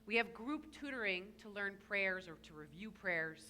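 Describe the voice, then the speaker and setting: Give me a woman rabbi telling a story in her sermon, with a crisp, bright voice and light humor. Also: medium pitch, animated, normal speed, a little hiss or hum. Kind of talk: sermon addressed to a bar mitzvah child. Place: synagogue sanctuary.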